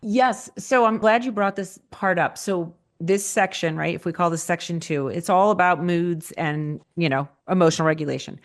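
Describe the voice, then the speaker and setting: A woman's voice: fairly low pitch, normal speed, few pauses. A woman author being interviewed, talking in a casual, conversational way and often tagging her points with "right?". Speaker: author guest.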